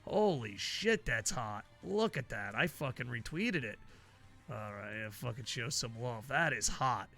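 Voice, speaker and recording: A man streaming a hockey video game, chatting with his viewers in a loose, profane, excitable way. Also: medium pitch, measured pace, faint music behind. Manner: profane, excitable banter with chat. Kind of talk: casual live gaming stream chat.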